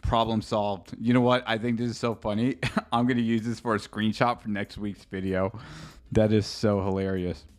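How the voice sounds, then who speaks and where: A man's voice: on the low side, little pitch movement, moderate pace, faint music behind. A man streaming a casual live reaction, rambling and chatty, swearing freely and talking straight to his chat.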